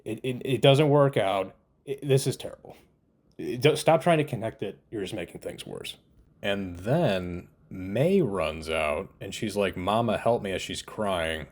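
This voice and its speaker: Man, casual show review, exasperated, incredulous, somewhat low voice. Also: animated, a little slow. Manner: exasperated, incredulous, with frequent laughs and restarts. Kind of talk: casual spoken review commentary.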